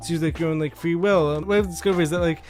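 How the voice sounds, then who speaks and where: A man's voice: fairly high pitch, steady tone, racing, a little mellow, soft background music. A young man hosting a podcast, asking long rambling questions with "like" and "um" in nearly every phrase. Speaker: podcast host. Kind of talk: casual podcast interviewing.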